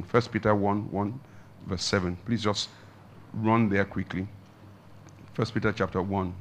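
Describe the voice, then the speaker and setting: A man preaching a sermon as a pastor, emphatic, with big swings in pitch and loudness and slow drawn-out emphasis.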